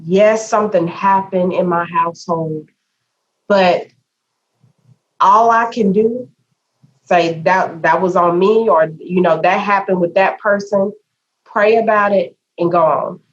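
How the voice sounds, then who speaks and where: Woman with a lowish voice, folksy and reflective, kinda muffled lo-fi sound. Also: slow. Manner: reflective, folksy, preachy asides. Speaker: podcast co-host. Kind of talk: casual chat. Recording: dull lo-fi sound.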